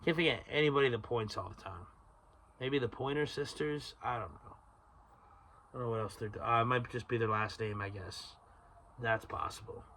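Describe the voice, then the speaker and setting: A man's voice: mid-range voice, normal speed, a bit bright, a little hiss or hum. A man hosting a solo podcast, rambling through tangents, swearing freely and laughing at himself. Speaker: podcast host.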